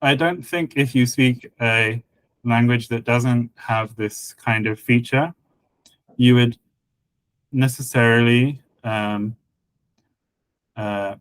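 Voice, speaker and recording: A man chatting casually on a podcast, explaining a constructed language, with many fillers and a patient, halting delivery. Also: mid-range voice, smooth, no room sound, rough recording. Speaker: conlang creator guest and co-host. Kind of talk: casual podcast chat about linguistics.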